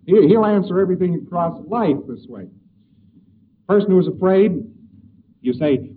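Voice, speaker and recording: A man's voice: high voice, lively intonation, normal speed, long pauses. Lecturing man on a hissy old tape. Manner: conversational, with hesitations and acted examples. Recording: old tinny distant tape with hiss.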